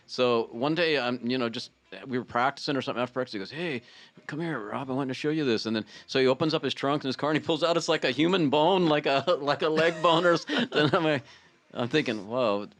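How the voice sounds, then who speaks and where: An older man with an average-pitched voice tells stories in a loose, unhurried ramble. His phrases drift and restart in an easy, relaxed way. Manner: laid-back, rambling, drawn-out phrasing. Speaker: podcast guest, punk musician. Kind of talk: casual storytelling. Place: podcast studio.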